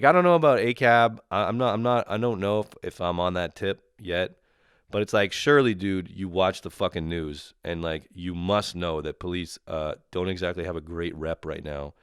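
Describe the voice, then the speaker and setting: A man's voice: low voice, fairly bright tone, smooth, no room sound, studio quality. A young man from Canada ranting casually and profanely, exasperated and mocking the people he describes. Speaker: comedian ranting solo. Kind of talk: casual comedic rant.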